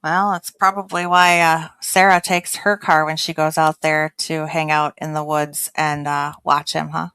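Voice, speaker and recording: A woman chatting casually, telling a story with lively acted-out quotes and frequent laughter. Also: deep voice, unhurried, few pauses, smooth, no echo. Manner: animated, acts out quotes, laughs often. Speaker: podcast host.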